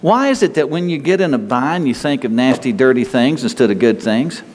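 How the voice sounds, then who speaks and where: A man's voice: mid-range voice, animated, a little fast, darkish tone, long reverb tail, slight background noise. A man pastor preaching a sermon in an earnest, conversational way, often repeating and restarting his words.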